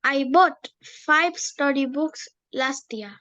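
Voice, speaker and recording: A woman student in an English lesson, carefully and haltingly repeating practice sentences. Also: high-pitched, sharp tone, muffled recording. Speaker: language student.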